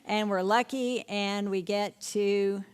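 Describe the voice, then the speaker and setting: A middle-aged woman leads a spelling lesson for teachers. Her voice sits at a medium pitch. She keeps firing short questions at the room and often answers them herself. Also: fairly even intonation, slow, smooth. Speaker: literacy instructor.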